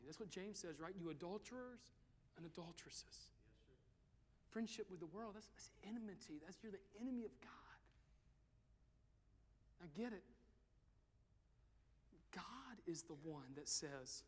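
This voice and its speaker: High-voiced preacher in an echoing hall. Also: male voice, animated, measured pace, pauses often, husky. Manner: swings from quiet pleading to shouted climaxes. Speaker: youth event preacher. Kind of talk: sermon. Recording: echoey hall.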